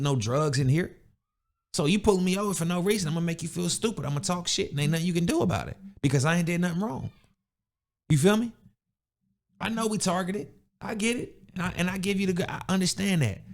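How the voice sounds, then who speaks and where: A young man rants into his podcast mic, blunt and animated, full of street slang. His voice sits a bit higher than most men's. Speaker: podcast host. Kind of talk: casual motivational rant.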